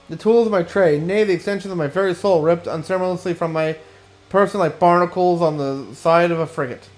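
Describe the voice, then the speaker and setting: A man's voice: fairly high pitch, voice pushed up, close to an everyday voice. A man voicing a pompous, theatrical male aesthetician in a game, with a put-on French accent. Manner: mock French accent, grand and dramatic reading.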